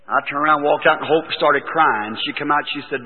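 A man, a preacher telling a story from the pulpit in a folksy way that rises into excited exclamations. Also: on the high side, normal speed. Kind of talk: storytelling sermon. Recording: old phone-like recording in a reverberant hall.

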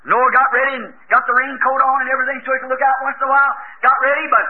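A man's voice: very high-pitched, little pitch movement, very fast. A man preaching a sermon in a folksy storytelling way, acting out the voices of biblical characters. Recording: tinny lo-fi old tape with hiss.

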